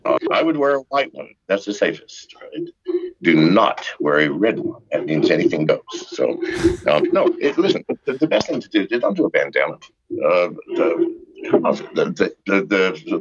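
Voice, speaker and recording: Older male guest, husky, swooping pitch, profane exasperated rant, muffled lo-fi line. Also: very animated, normal speed. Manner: profane, exasperated ranting with sarcastic jokes. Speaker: podcast guest. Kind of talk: ranting call-in interview.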